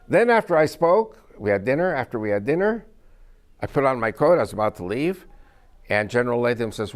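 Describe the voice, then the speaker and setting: A man's voice: mid-range voice, big pitch swings, a little fast. A man giving a lecture-style talk to an audience, telling stories emphatically and quizzing listeners with questions. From United States. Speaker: speaker to an audience.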